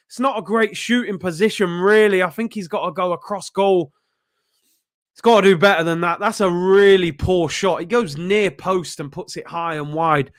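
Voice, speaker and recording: A young man hosting a live football watchalong, reacting excitedly and yelling at the players. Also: high voice. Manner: excitable, shouting at players, frequent outbursts. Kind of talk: live match reaction commentary.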